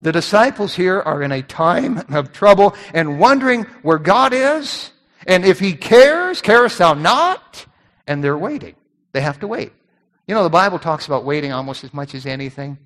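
A man preaching a sermon as a pastor, animated, repeating words and acting out voices. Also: a little high, normal speed, long reverb tail.

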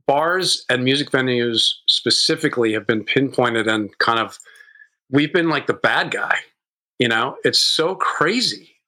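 A man in his fifties, a guest who runs bars, telling stories in a lively, casual way, swearing freely and acting out what people said. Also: medium pitch, rough recording. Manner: animated, swears freely, acts out quotes. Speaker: guest, bar owner. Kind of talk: casual storytelling chat.

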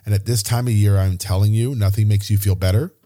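A man's voice: lowish voice, fairly even intonation, quick pace, dark tone. A man hosting a podcast, telling a personal story in an earnest, openly emotional way. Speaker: podcast host.

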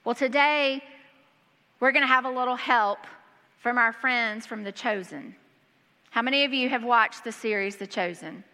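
Bright-voiced woman pastor preaching. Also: fairly high pitch, normal speed. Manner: reads scripture aloud and breaks in with lively asides. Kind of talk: sermon. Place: church hall. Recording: long hall reverb.

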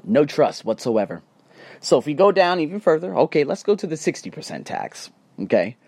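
A man hosting a solo podcast, talking bluntly with swearing and animated storytelling. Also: a little high, fairly quick, gravelly, husky. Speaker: podcast host.

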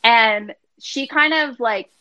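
A woman's voice: fairly high pitch, takes it slowly, slight background noise, low-quality recording. A young adult woman hosting a podcast, telling a story in casual chat with lots of "like" fillers. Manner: animated storytelling, many "like" fillers. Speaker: podcast host.

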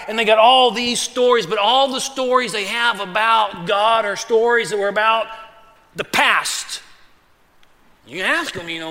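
A pastor preaching a sermon in a casual, conversational way, acting out quick voices and calling his listeners "man". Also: high voice, bright, forceful tone. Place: large church hall. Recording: long hall reverb.

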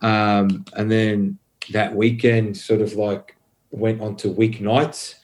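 Young guy, low-ish voice, laid-back storyteller, swears freely. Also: level tone, takes it slowly, darkish tone. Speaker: podcast guest. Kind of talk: casual conversational storytelling.

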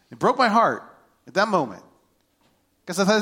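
A middle-aged man, a pastor, preaching a sermon and telling a family story, swinging between hushed and loud. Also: a little high, very animated, brisk, long pauses.

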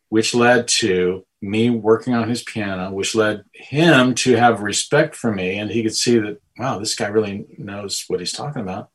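A man's voice: on the low side, moderate pace, hardly any pauses, breathy edge, rough recording. A man in his forties from Texas, a guest telling stories in a casual interview, playful and self-deprecating. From Amarillo, Texas. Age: 40s.

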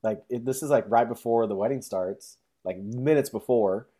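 A young man rambles through a long, casual story packed with fillers, sometimes acting out quotes in a high, exaggerated voice. He talks at a moderate pace with a warm tone and a breathy edge.

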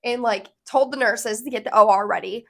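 Woman vlogger, slightly high voice, earnest and emotional casual storytelling to camera. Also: fairly quick, creaky, fairly bright tone.

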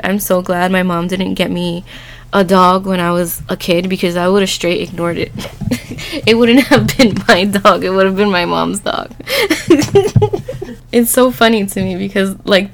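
A young woman in her twenties telling a personal story in a chatty, casual way, laughing often and acting out dialogue. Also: medium pitch. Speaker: vlogger.

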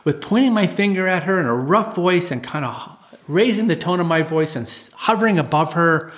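A man who teaches martial arts, telling a story from his classes in an animated way and acting out the voices in it. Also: sits high, a little fast. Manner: animated storyteller, acts out voices of children and parents. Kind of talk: storytelling talk.

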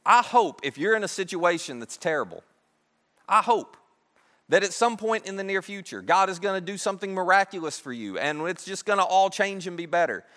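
Lively, bright-voiced man preaching. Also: sits high, a little fast. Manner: conversational, humorous storytelling. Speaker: pastor. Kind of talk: sermon. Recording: echoey hall.

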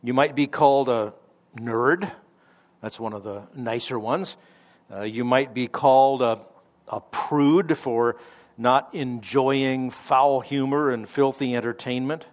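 A man's voice: mid-range voice, takes it slowly. Man preaching an emphatic radio sermon. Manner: conversational, emphatic on key words. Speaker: pastor.

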